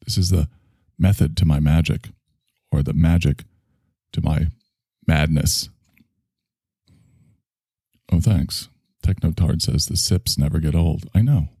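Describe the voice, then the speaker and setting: A man's voice: very deep voice, a little slow, long pauses, mellow, slightly rough, no room sound, studio quality. A man hosting a podcast in casual chat, rambling and offhand. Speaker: podcast host.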